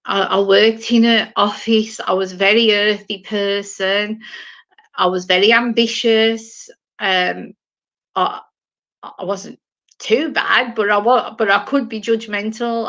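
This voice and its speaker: Slow-talking British woman in her sixties. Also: mid-range voice, fairly bright tone, dull audio. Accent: British English. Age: 60s. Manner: slow, emotional storytelling with repeated words. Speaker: spiritual medium. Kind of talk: personal testimony talk.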